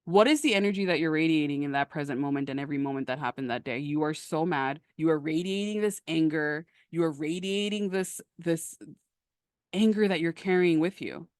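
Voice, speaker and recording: A woman coaching on a live stream in a lively, emphatic, conversational way, answering questions from the chat. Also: deep voice, brisk, no room sound, studio quality. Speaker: manifestation coach.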